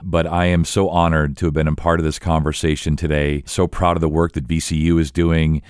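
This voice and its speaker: A man's voice: rumbling low, flat delivery, a little fast, a little mellow, clean tone, dry recording, clean studio sound. A man hosting a podcast interview, effusive and enthusiastic in his praise. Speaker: podcast host.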